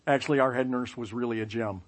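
A man telling a personal story with self-mocking humor, lively sound effects and playful asides. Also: mid-range voice, fast. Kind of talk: personal anecdote.

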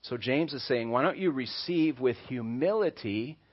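A man's voice: mid-range voice, lively intonation, moderate pace. A man preaching in a muffled recording. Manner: conversational preaching with acted-out voices. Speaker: pastor. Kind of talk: sermon. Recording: dull lo-fi church recording.

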